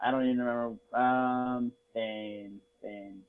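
A man from Las Vegas telling a story in a casual chat, swearing freely, joking and getting animated. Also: mid-range voice, slow pace, clean tone. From Las Vegas, United States. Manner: profane, jokey and animated. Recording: tinny phone-like sound.

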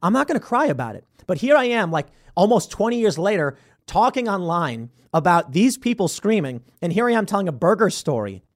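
Animated high-voiced man telling a story. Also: brisk. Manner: rambling, animated, acts out quoted voices. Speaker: show host. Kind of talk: casual storytelling and commentary.

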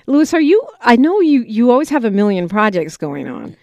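A woman hosting a talk radio show in a studio, brisk and steering the conversation. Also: fairly high pitch, very animated, darkish tone, no echo.

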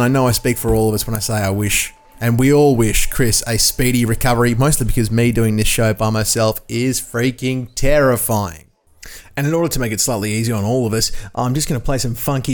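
Jokey podcast host. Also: male voice, mid-range voice. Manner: jokey, rambling, self-deprecating. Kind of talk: casual comedy podcast chat.

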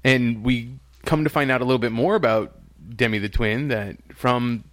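A man's voice: medium pitch, moderate pace, fairly bright tone, no room sound, studio quality. A man in casual chat reviewing a TV episode as a podcast host, chatty, often laughing and restarting his sentences.

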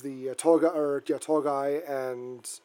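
A man from Canada casually recapping a horror film, talking in halting bursts with many restarts and fillers. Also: mid-range voice, steady tone, warm tone.

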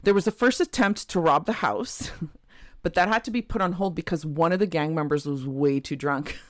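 A woman's voice: deep voice, moderate pace, no room sound, clean studio sound. A woman co-hosting a podcast, telling a true crime case in a casual way with frequent laughs and chatty asides. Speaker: podcast co-host.

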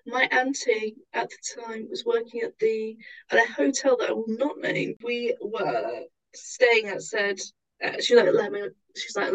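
A woman co-hosting a chatty podcast, telling an anecdote with lots of swearing and animated quoted voices. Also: medium pitch, normal speed, far from the mic, lo-fi sound. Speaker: podcast co-host. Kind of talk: casual chat.

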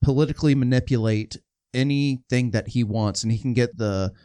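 A man in his forties co-hosting a podcast, speaking in a measured, reflective way with plenty of fillers. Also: mid-range voice, mellow, smooth, dry recording. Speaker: podcast co-host. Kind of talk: casual podcast chat.

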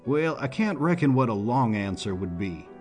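A man voicing a big, easygoing pilot with a drawl and a husky voice. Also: mid-range voice, very animated, a little mellow, faint music behind. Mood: folksy. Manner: slow folksy drawl, colloquial.

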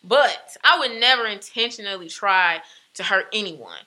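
A young adult woman talking in casual chat, telling a personal story with emphatic, animated delivery. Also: medium pitch, normal speed.

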